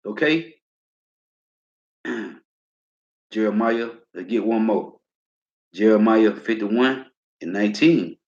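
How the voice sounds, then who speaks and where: A man teaching from scripture in a preaching style, reading verses slowly and with emphasis and tagging his lines with a casual filler. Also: lowish voice, a little mellow. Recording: roomy, dull lo-fi sound.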